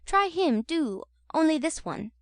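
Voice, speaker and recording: A woman's voice: high-pitched, sing-song, unhurried, no echo, studio quality, voice pushed up, full character voice. A woman voicing a doting young servant woman who coaxes and fawns. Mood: coaxing. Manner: coaxing, fawning.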